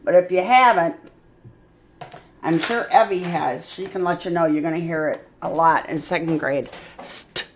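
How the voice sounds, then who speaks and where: A woman tutoring a child in phonics, sounding out words slowly and patiently. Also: fairly low pitch, a little hiss or hum. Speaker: reading tutor. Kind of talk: phonics lesson.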